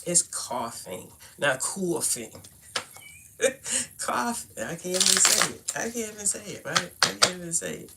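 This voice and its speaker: This older Brooklyn native, speaking with a Brooklyn accent, streams live card readings from home. Her medium-pitched voice is sing-song and a little slow, with long pauses, over very noisy audio. Casual and chatty, she calls her viewers "y'all" and "fam."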